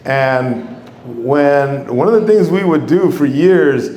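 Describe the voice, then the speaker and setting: A man's voice: fairly high pitch, slow, darkish tone. A middle-aged man, telling stand-up stories on a comedy club stage. He rambles, swears a lot and acts out quoted voices. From Mexico. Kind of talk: stand-up storytelling. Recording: echoey club room.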